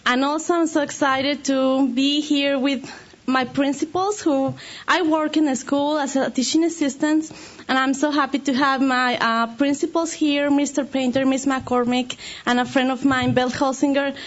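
A woman giving a short speech as a new citizen, excited and nervous, gushing with thanks. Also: sits high, moderate pace. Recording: dull lo-fi recording.

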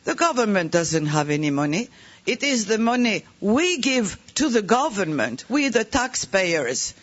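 A man's voice: high voice, big pitch swings, a bit bright. A man telling a story to listeners in a joking, emphatic way. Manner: joking, emphatic, slow and deliberate. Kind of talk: storytelling talk. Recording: dull lo-fi recording.

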